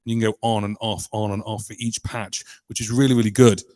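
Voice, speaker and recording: A somewhat low-voiced man from the United Kingdom walks through his loop pedal presets in a relaxed live-stream chat. He talks hesitantly with lots of filler pauses, and a long reverb trails behind his voice. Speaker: musician demonstrating a loop pedal. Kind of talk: casual live-stream demo.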